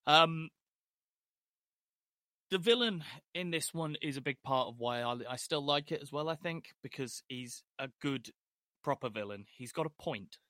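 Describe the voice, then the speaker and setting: A man's voice: on the high side, expressive, moderate pace, bright, forceful tone, dry recording, clean studio sound. A middle-aged man co-hosting a casual film discussion podcast, chatty with hesitant restarts. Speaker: podcast co-host.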